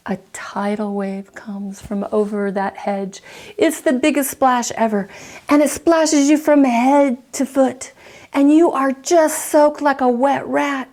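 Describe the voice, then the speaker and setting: A woman counselor teaching a lesson, telling a story vividly and acting out the reactions in quick asides. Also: on the high side, a little mellow.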